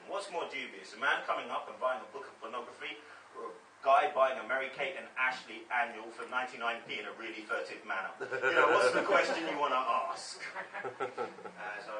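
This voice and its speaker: Man in his thirties, stand-up comic, lively up-and-down delivery, bright voice, distant roomy club mic. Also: mid-range voice, a little hiss or hum. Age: 30s. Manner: chatty, self-deprecating, riffing with the crowd. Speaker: stand-up comedian. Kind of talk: stand-up comedy set. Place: comedy club stage. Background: audience laughter.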